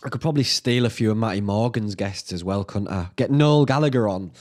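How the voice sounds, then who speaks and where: A man with a Northern English accent, hosting a solo podcast, thinking out loud in a sweary, self-mocking way. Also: lowish voice, fairly quick. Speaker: podcast host. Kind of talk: rambling solo podcast chat.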